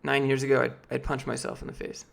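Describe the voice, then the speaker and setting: Gravelly man chatting on a live stream. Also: mid-range voice, monotone, quick pace. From Georgia, US. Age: late 20s. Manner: rambling, filler-heavy, restarts often. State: losing his voice. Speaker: streamer answering chat. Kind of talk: casual live-stream chat.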